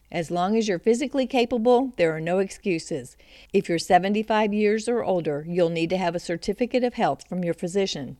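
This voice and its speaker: A woman's voice: on the low side, a little mellow, no room sound, studio quality. A woman hosting a travel podcast, telling a first-person story in scripted narration.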